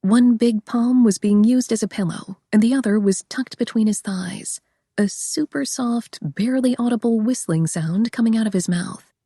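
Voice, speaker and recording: A woman's voice: on the high side, normal speed, mellow, husky, dry recording, clean studio sound. A young woman reading a first-person audiobook in a wry, conversational way. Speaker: audiobook narrator.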